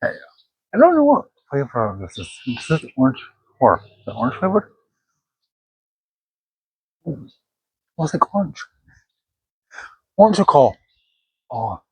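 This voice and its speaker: A man's voice: medium pitch, wildly swooping pitch, unhurried, vocal fry, pauses often, husky, no echo, low-quality recording. A man rambling casually through a drink taste test, chatty and a bit self-conscious, recorded outdoors in the cold.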